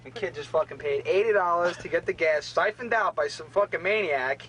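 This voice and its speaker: A man's voice: fairly high pitch, brisk, a bit bright, rough recording. A man from a band's road crew, sitting on a tour bus and telling a laughing, profane anecdote to the camera. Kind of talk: casual storytelling to camera.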